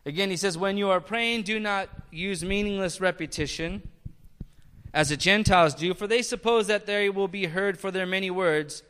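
Bright, high-voiced male preacher in a reverberant hall. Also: normal speed, clear, resonant tone. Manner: conversational preaching with rhetorical questions and jokes. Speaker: pastor. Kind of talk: sermon.

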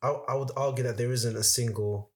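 A young man in casual podcast chat, rambling through points with frequent restarts and getting animated when he is worked up. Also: mid-range voice, a little fast.

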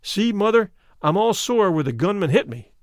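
A man's voice: high-pitched, very animated, normal speed, dry recording, clean studio sound. A man voicing a frightened little boy who sobs out his pleas in a storybook reading. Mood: pleading. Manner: sobbing, pleading.

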